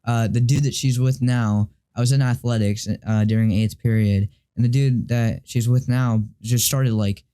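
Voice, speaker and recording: Teen boy vlogger, mellow mid-pitched voice, halting and rambling, swears casually. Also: fairly even intonation, clear, resonant tone. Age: teens. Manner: rambling, halting, with many restarts and fillers; confused and frustrated, swears casually. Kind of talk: casual storytelling to camera.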